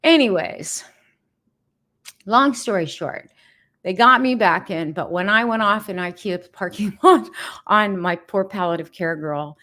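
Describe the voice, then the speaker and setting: A woman's voice: mid-range voice, unhurried, a bit bright. A woman vlogger telling a story in a casual livestream chat, emphatic, exasperated and blunt.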